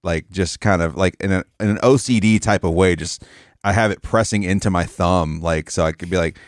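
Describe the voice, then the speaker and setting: A man's voice: low voice, a little fast, dry recording, clean studio sound. A man co-hosting a casual, profane chat, a former radio host telling stories with quoted asides.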